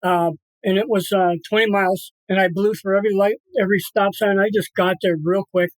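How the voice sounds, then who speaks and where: A man's voice: high voice, little pitch movement, a little fast, no echo, low-quality recording. A middle-aged man telling an emotional personal story as an interview guest, earnest and repetitive, acting out voices. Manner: earnest, repeats himself, acts out voices in his story.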